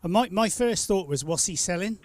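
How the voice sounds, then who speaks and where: A man's voice: high-pitched, expressive, fairly quick, darkish tone, no room sound. A man hosting a live stream, chatting casually and telling rambling, teasing stories. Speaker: stream host. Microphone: studio mic.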